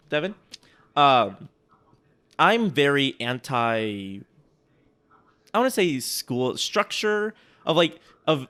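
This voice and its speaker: A man's voice: mid-range voice, a bit bright. Man, co-host, casual chat, rambling, self-interrupting, joking. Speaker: podcast co-host. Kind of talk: casual chat critiquing sales emails.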